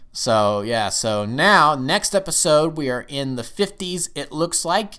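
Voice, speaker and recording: A man reviewing a TV episode in casual talk. He rambles and sometimes jumps up excitedly. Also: medium pitch, moderate pace, hardly any pauses, smooth.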